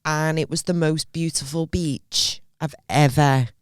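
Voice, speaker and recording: A young woman, co-hosting a podcast and telling a story with lively acted-out reactions. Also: deep voice, unhurried, clear, resonant tone, no room sound, studio quality. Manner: animated storyteller, acts out her own reactions. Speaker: podcast co-host. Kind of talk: casual chat.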